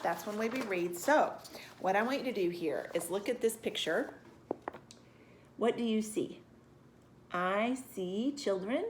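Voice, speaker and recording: A middle-aged woman teaching an online reading lesson to young children, sounding out letters slowly and breaking into high excited bursts. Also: slight background noise. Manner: slow, exaggerated sounding out of letters and words.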